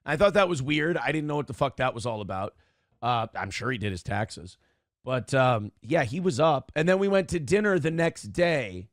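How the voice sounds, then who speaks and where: A man's voice: medium pitch, lively intonation, normal speed, no echo, studio quality. A man telling a rambling, self-correcting story in a casual livestream, acting out what others said. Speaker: streamer reading chat and telling a story.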